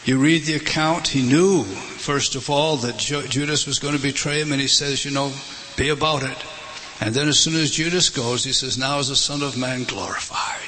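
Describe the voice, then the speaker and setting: A man preaching a sermon, impassioned, swelling to loud emphasis and dropping low again. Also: moderate pace, a little hiss or hum. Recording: large hall reverb, faint ambience.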